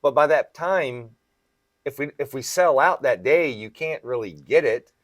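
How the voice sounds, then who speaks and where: Brief: male podcast host, comic retailer, chatty explainer, mid-pitched, dry close sound. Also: animated, measured pace, no echo. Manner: explains at length, often checks in with "right?". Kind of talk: casual podcast chat.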